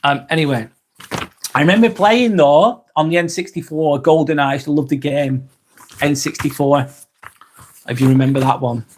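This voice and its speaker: A slightly high-voiced man hosts a live vlog at normal speed, pausing often as he chats casually and reads comments aloud, with a little hiss or hum in the recording. His manner is relaxed and conversational, heavy on ums, with some casual swearing.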